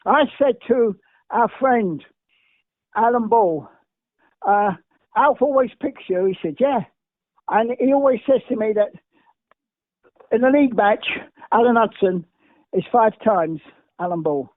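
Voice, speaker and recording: A man's voice: high-pitched, measured pace, long pauses, no echo. An older man from England, a guest telling emphatic, repetitive, rambling stories. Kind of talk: anecdotal interview storytelling. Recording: dry, tinny phone-like sound.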